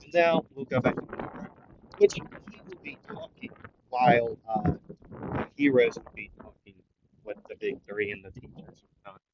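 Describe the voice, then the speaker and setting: A man's voice: mid-range voice, wildly swooping pitch, moderate pace, highs cut off, slight background noise. A man improvising a fan story aloud, rambling and hesitant, with many fillers.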